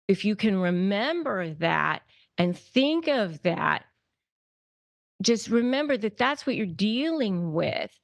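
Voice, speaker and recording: A woman's voice: mid-range voice, dry recording, clean studio sound. A woman attorney giving advice as a podcast guest, speaking emphatically, repeating key phrases and restarting often. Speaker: guest, attorney and negotiation expert.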